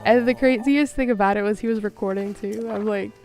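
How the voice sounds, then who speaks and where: A young woman chatting on a gaming stream, her voice sitting at an ordinary middle pitch. She tells her story in a loose, animated way, full of fillers and quick laughs. Soft music plays faintly behind her.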